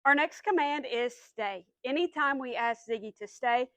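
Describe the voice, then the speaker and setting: A woman's voice: high voice, moderate pace, fairly bright tone, dry recording, low-quality recording. A woman dog trainer patiently explaining commands step by step, then giving the dog short firm cues. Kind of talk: instructional dog training demo.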